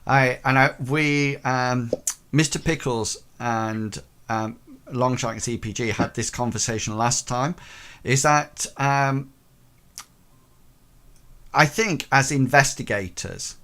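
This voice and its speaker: A man narrating a tabletop horror game as game master, halting and full of ums. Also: medium pitch, fairly even intonation, a bit bright.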